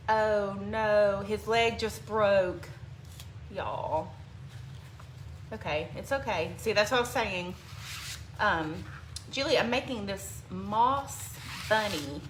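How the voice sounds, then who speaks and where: A middle-aged woman hosts a casual crafting livestream, chatting with viewers by name and growing teary at times. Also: medium pitch. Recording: echoey room with faint background noise.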